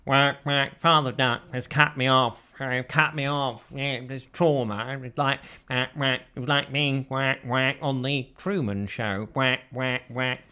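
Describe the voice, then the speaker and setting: A man's voice: mid-range voice, steady tone, unhurried, hardly any pauses, pushed and bright, clean tone. A man voicing a self-important duck who quacks between his words, whining petulantly. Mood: aggrieved.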